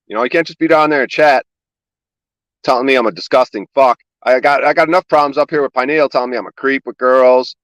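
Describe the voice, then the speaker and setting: A man rattling off a rapid, sarcastic comedic rant, swearing constantly and sounding exasperated. His voice sits at an ordinary pitch and sounds close and dry, with no room around it. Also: a bit bright, no echo, rough recording. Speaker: comedian guest on a livestream podcast.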